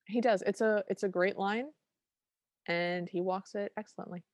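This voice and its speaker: A woman's voice: medium pitch, steady tone, moderate pace, a little mellow, dry recording, studio quality. A woman co-hosting a podcast, recapping a film in casual chat and acting out quoted lines with enthusiasm. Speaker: podcast co-host.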